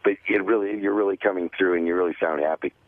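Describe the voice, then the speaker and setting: A man's voice: low-pitched, steady tone, fast talker, no room sound, phone-quality sound. A man calling in to a radio show, speaking earnestly with some stammering.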